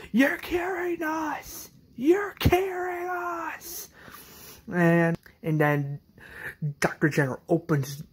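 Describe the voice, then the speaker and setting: A man recaps a fan-made episode in a loose, rambling way, leaning on ums and likes and restarting his sentences. His voice is somewhat husky, pitched in the middle. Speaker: channel host recapping a fan series.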